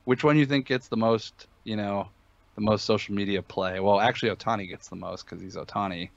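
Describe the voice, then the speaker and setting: An opinionated man breaks down sports betting picks in a casual podcast chat. He talks emphatically, with lots of fillers and restarts. His voice sits low, and the recording is dull and dry. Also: steady tone, brisk, vocal fry, dry recording.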